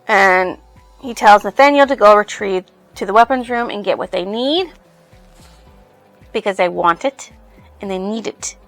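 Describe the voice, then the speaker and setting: A woman's voice: medium pitch, measured pace, long pauses, fairly bright tone, faint music behind. A woman reviewing a book on her channel, casually retelling its plot in a rambling way full of fillers.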